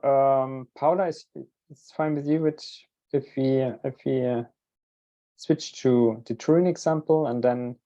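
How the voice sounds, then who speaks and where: A man moderating an online training panel over a video call. He speaks haltingly, often restarting his sentences. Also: medium pitch, mellow, lo-fi sound. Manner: halting, many fillers and restarts.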